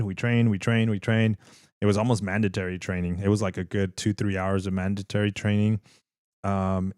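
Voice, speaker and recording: A man's voice: on the low side, smooth, no room sound, clean studio sound. A man from California hosting a casual livestream from his home setup, rambling with lots of fillers and restarts and laughing easily. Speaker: livestream host.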